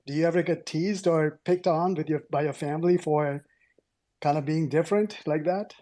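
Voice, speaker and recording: A man's voice: on the high side, normal speed, warm tone. A man asking interview questions in a hesitant way, with many fillers. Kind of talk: casual conversation.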